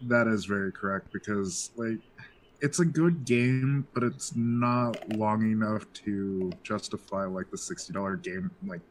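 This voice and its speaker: A man's voice: fairly low pitch, measured pace. A man giving blunt, laid-back opinions about games on a casual podcast. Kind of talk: casual chat.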